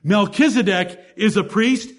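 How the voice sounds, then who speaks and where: Unhurried and high-pitched, this preacher works his way verse by verse through the Bible in his sermon. He delivers it emphatically, putting rhetorical questions to the congregation.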